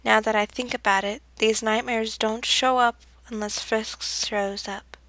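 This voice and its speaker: A woman reading her own story aloud in the first person, soft-spoken and often dropping to a whisper. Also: fairly high pitch, steady tone, unhurried, no room sound. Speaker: fanfiction reader.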